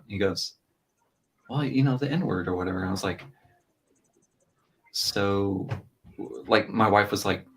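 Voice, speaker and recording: A man's voice: fairly low pitch, unhurried, long pauses, slight background noise, low-quality recording. A father on a streamed podcast, telling a family story in a loose, rambling way full of fillers. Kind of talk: casual chat while streaming.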